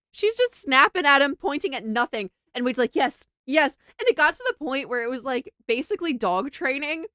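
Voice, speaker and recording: Laughing her way through a travel story, a young woman chats casually to her livestream in a high, bouncy voice that jumps all over. She's animated and giggly, with lots of filler words. The audio is dry and close, with no echo.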